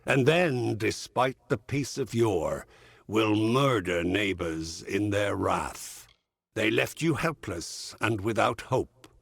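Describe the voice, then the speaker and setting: A gravelly doom-laden verse teller. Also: male voice, on the low side, full character voice. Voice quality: gravelly, husky. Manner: slow, solemn and menacing. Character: ominous male voice reciting a dark verse to mortals. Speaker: game character. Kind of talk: recited rhyming verse.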